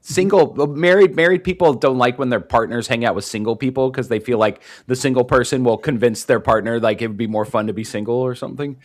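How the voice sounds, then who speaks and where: A man's voice: medium pitch, fairly quick, hardly any pauses. A man co-hosting a podcast, chatting casually with lots of fillers and frequent laughs. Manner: rambling, filler-heavy, laughs often. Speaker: podcast co-host. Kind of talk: casual chat.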